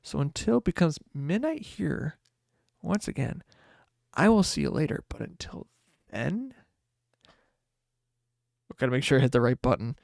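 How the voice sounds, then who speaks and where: Gravelly, rambling late-night podcast man. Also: a little high, sing-song, normal speed, pauses often, darkish tone, dry recording, studio quality. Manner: rambling, trailing off, tired and yawning. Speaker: podcast host. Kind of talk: casual solo podcast talk.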